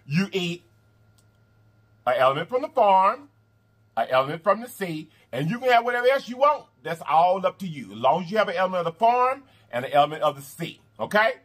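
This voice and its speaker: Lively high-voiced man hosting an eating vlog. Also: fairly quick. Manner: animated, repetitive, addresses viewers as y'all and honey. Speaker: mukbang host. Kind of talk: casual eating vlog talk.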